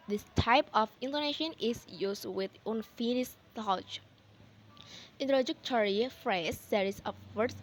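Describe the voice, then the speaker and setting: Speaking in a fairly high voice, a young adult woman with an Indonesian accent delivers a student presentation in class. She reads with care and keeps dropping in "okay." There's a faint hiss or hum on the audio.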